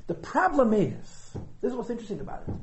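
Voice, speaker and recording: A man teaching a Chassidus class to regulars, lively and thinking aloud as he explains, stressing key words. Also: very high-pitched, fast talker, slight background noise. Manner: thinks aloud, hedges and restarts often. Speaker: Torah teacher. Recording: echoey room.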